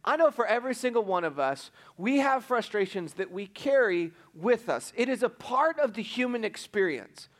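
A middle-aged man preaching, telling a personal story with animated, self-mocking humor. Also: high-pitched, moderate pace, hardly any pauses. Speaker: pastor.

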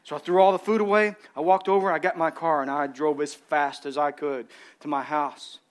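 A pastor preaching a sermon with passion, repeating words and moving between loud emphasis and quiet storytelling, with speech. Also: male voice, a little high, steady tone, a little fast.

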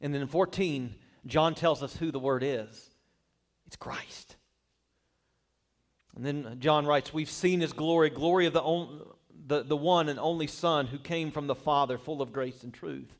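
A man's voice: fairly high pitch, unhurried. A man preaching a sermon, speaking emphatically, posing rhetorical questions to the congregation and telling humorous personal stories. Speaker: pastor.

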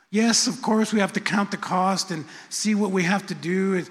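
A man's voice: sits high, moderate pace, hardly any pauses. A middle-aged man preaching a sermon, conversational and repetitive, with self-deprecating asides. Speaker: pastor. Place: church sanctuary. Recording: long church hall reverb.

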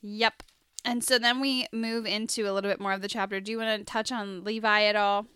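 A woman's voice: mid-range voice, flat delivery, brisk, pushed and bright, clean tone. A woman co-hosting a casual Bible study podcast, thoughtful and sprinkling her talk with "like.". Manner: thoughtful, heavy on "like" fillers. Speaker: podcast co-host.

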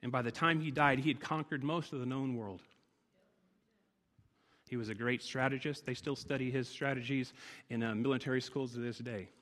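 A male preacher delivering a sermon in a church sanctuary, his voice sitting at an ordinary middle pitch. He presses his message through insistent, repeated phrases. The sound carries a long hall reverb from the room. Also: steady tone, moderate pace, a bit bright.

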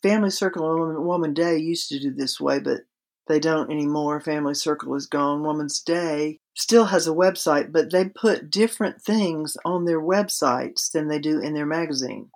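A woman's voice: low voice, darkish tone. A woman guest on a podcast interview, explaining writing craft in a conversational way with practical examples.

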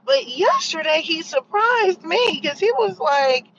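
A woman's voice: very high voice, very animated, unhurried, a bit bright, lo-fi sound, a little hiss or hum. Sarcastic woman vlogging from a car. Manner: sarcastic, rambling, lots of fillers. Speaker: vlogger sharing opinions. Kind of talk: casual opinion monologue.

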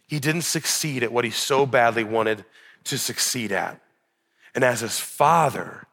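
A man's voice: mid-range voice, bright, forceful tone. A young man preaching a sermon as pastor, earnest and building to emphatic peaks.

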